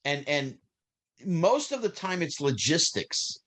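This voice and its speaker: A man, a former child actor telling lively stories as an interview guest. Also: a little high, slow pace. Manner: animated, acts out quoted people, restarts. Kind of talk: storytelling interview answers.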